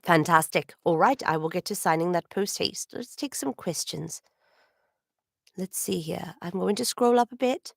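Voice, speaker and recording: The recording is clean studio sound with no echo: a voice actor with a low-leaning voice hosts a signing livestream, drawing as she talks at a moderate pace. Her casual chat with viewers is polite and slightly formal, dotted with little laughs and throat clearing.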